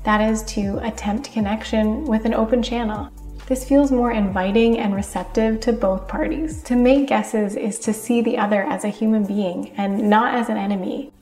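Woman, higher voice, measured lesson narration, roomy sound with soft music under it. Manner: calm, measured, acts out short example phrases. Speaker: teacher of communication skills. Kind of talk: scripted explanatory narration. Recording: echoey room with faint music behind.

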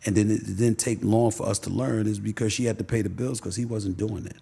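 A man's voice: lowish voice, fairly even intonation, fast, vocal fry, dark tone, husky. A middle-aged man, a podcast guest telling candid personal stories emphatically and repeating phrases for stress. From Queens, New York.

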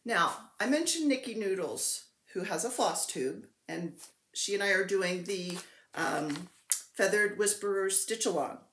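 A chatty woman with a pitch that swings up and down as she gushes, playful and easily thrilled. She talks at an unhurried pace. Her voice rings a little in an echoey room at home, with faint background noise. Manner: excitable, gushing, playful. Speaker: cross-stitch vlogger. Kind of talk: casual show-and-tell chat. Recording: roomy echo.

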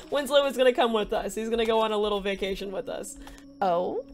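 A young woman commenting excitedly on a video game she plays, laughing often and shrieking a character's name. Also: on the high side, moderate pace, faint music behind. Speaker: gaming video creator. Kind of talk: let's play commentary.

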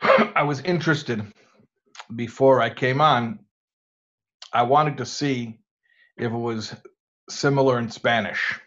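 A rabbi with an American accent gives a conversational lecture to students, drawing them in with rhetorical questions, in a slightly muffled recording. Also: male voice, medium pitch, a bit bright. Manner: engaging, asks rhetorical questions.

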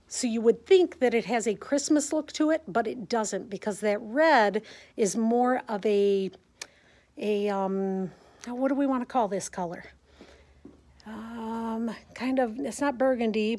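A woman's voice: a little high, warm tone. Chatty Midwestern quilting teacher woman. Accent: Midwestern American. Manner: chatty, enthusiastic, talks to viewers while filming. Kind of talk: casual show-and-tell walkthrough. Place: sewing center classroom.

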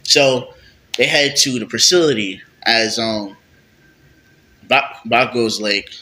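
A man's voice: medium pitch, takes it slowly, long pauses, bright, forceful tone. A young man rambling through an improvised fan story, with lots of fillers.

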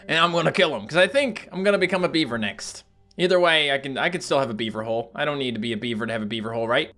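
Animated young man doing game commentary. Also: sits high. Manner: animated, yelps and laughs at sudden attacks. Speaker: gaming YouTuber. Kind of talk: casual let's-play commentary.

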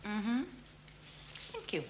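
A poised English detective. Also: female voice, medium pitch, wildly swooping pitch, drawn-out words, heavily acted. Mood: dry. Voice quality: crisp, dry. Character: cool, poised upper-class English woman detective. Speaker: police detective. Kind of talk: 1980s TV crime drama acting. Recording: noisy 1980s TV soundtrack, distant.

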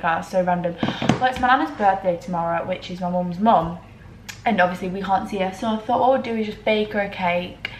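A woman's voice: medium pitch, echoey room, a little hiss or hum. A young woman vlogging in a casual, chatty way, a bit dramatic, talking to camera in her bedroom.

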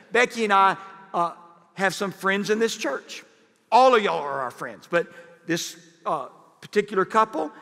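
A male pastor preaching a sermon, jokey and animated, with sudden loud bursts. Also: high-pitched, in a large hall. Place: church sanctuary.

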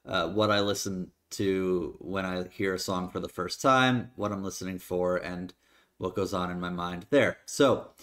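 A man who composes, talking casually as he reacts to a song for his channel, relaxed and plain-spoken with some hesitations. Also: sits low, a little slow. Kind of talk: casual reaction video talk. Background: faint music.

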